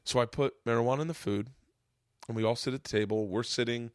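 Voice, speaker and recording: A man in his forties hosting a podcast, telling a long story with lively acted-out quotes. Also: medium pitch, fast talker, no echo, clean studio sound. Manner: animated storyteller, acts out quotes, gets choked up. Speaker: podcast host. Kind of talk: casual storytelling chat.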